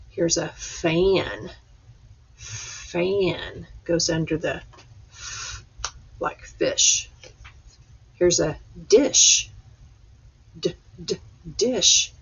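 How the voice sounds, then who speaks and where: A woman teacher leading a phonics lesson for young children, slowly sounding out letters and getting excited when the answers are right. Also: on the low side, creaky, slightly rough. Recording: dull lo-fi sound.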